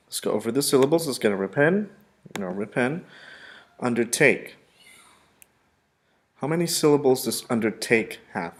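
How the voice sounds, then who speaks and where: A male English teacher giving a vocabulary lesson, who repeats words and pronounces them slowly and with emphasis. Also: medium pitch.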